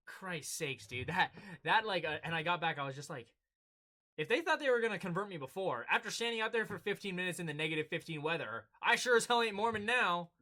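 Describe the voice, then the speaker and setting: Young male co-host, casual chat, animated storyteller, high and bright. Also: fairly quick. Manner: animated storytelling, acting out exchanges. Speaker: podcast co-host.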